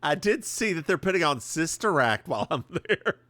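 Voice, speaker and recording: A man's voice: fairly high pitch, big pitch swings, moderate pace, pushed and bright, no echo. A man co-hosting a podcast, chatting casually with sassy, campy banter while recapping an episode. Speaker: podcast co-host.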